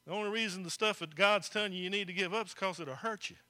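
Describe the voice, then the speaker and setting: A man's voice: sits high, fast, bright, forceful tone. A man preaching a folksy sermon to his congregation, speaking to them directly. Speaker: pastor. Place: church.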